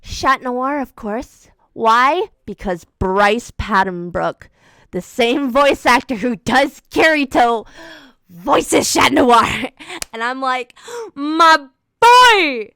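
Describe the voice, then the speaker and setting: A woman livestreaming in casual chat, answering viewers' questions and gushing like an excitable fangirl. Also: on the high side, slow, gravelly, no room sound.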